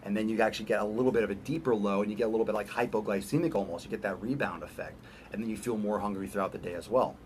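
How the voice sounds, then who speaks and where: This fitness coach's voice is on the low side and a little mellow, with a bit of hiss or hum behind it. His talk is casual but emphatic, full of repeated phrases, questions aimed at the listener, and brief acted-out voices.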